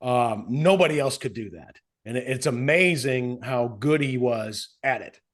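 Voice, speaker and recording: A middle-aged man, a podcast co-host and former radio host, chatting casually and telling stories with animation. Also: mid-range voice. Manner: animated storyteller, quick to slip into voices. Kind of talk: casual chat.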